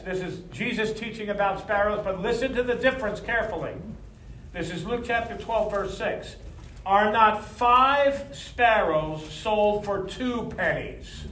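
A man's voice: high-pitched, a bit bright, a little hiss or hum. A man preaching a sermon to a congregation, reading verses and leading call-and-response. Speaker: pastor. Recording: echoey hall from far off.

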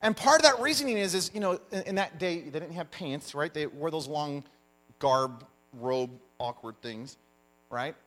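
A man preaching a sermon, telling stories with animated emphasis as the pastor. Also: a little high, fairly quick, hardly any pauses. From United States. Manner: animated storyteller, lively emphasis.

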